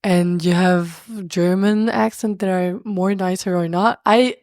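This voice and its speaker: A woman's voice: lowish voice, measured pace, no echo, studio quality. A woman from France with a French accent, a podcast guest talking casually and animatedly, often groping for the right word. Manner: animated, searching for words, laughs often. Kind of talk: casual conversation.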